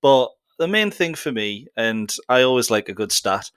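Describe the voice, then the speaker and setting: Good-humoured man, smooth dry voice. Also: mid-range voice, big pitch swings, moderate pace, fairly bright tone, dry recording. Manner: laughs easily, good-humoured. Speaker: podcast guest. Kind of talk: casual chat.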